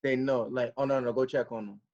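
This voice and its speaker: A man co-hosting a podcast, telling stories in relaxed, slangy casual chat. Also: mid-range voice, fairly quick, lo-fi sound. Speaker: podcast co-host.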